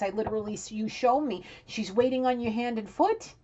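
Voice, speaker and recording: A woman's voice: medium pitch, fairly quick, muffled recording. Blunt, foul-mouthed woman reading tarot. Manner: blunt and profane; animated, scolding. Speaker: tarot reader.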